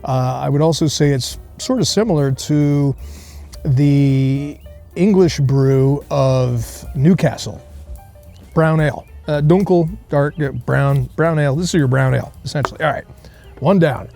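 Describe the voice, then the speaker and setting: A man's voice: on the high side, measured pace, vocal fry, dark tone, soft background music. A man hosting a casual beer review outdoors, rambling through jokey tasting notes with many fillers. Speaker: beer reviewer, show host. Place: outdoor beer garden on a cold day.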